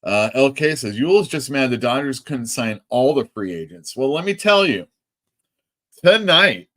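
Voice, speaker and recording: Running a laid-back live stream for his comic shop, this man from California has a lowish voice with a bit of brightness. He's chatty, keeps reading out comments from the chat, and laughs a lot.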